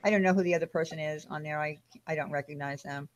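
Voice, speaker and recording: A woman's voice: low voice, fairly even intonation, fast talker, lo-fi sound. A woman hosting a casual live-stream chat, explaining herself in a rambling way with fillers.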